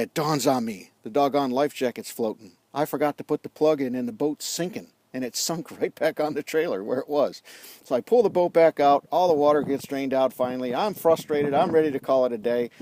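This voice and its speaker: A middle-aged man telling a lively story in a casual vlog outdoors, acting out the dialogue as a leadership coach. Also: mid-range voice, a little hiss or hum. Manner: animated storyteller, acts out dialogue. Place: outdoors on a golf course.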